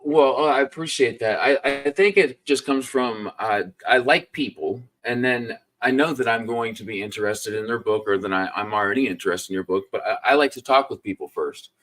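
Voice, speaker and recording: A man hosting a casual live-stream chat about books, easygoing and quick to laugh. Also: medium pitch, a bit bright, a little hiss or hum.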